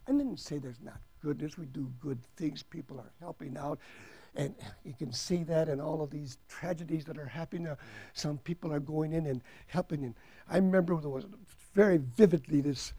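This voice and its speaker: A man preaching a sermon to his congregation, emphatic, drawing out key words and swinging between soft asides and loud declarations. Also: a little high, moderate pace, husky, no room sound. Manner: argues with an imagined doubter in rhetorical questions.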